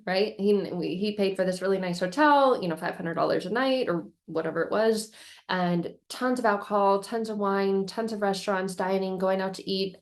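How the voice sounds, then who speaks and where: A woman vlogger telling a painful personal story candidly, in an emotional, rambling way with many restarts. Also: mid-range voice.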